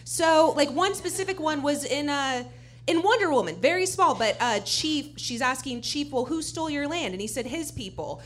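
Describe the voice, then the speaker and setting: A woman's voice: high-pitched, animated, normal speed. A woman on a comedy panel giving a heated, emphatic rant.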